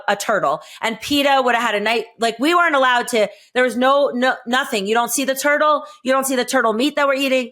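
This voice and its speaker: A woman's voice: a little high, pushed and bright. A woman in her forties co-hosting a podcast, telling blunt, profane stories in casual chat with lots of laughter. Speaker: podcast co-host, former reality show contestant.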